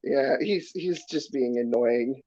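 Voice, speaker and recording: A man's voice: medium pitch, slow pace, mellow. A man in his thirties from New York, ranting defensively with heavy cursing and sarcasm on a stream call. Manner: defensive, profane, sarcastic rant. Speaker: stream guest. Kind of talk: heated casual chat. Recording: dull lo-fi stream audio.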